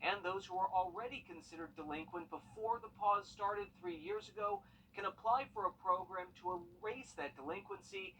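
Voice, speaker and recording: A man delivering a scripted news report in a measured, informative way. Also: high voice, pushed and bright, recorded from a distance, a little hiss or hum, low-quality recording. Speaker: news correspondent.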